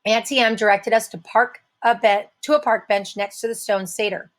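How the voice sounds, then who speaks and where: A woman's voice: fairly high pitch, fairly even intonation, normal speed. A woman reading a novel aloud, telling the story in the first person. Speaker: audiobook reader.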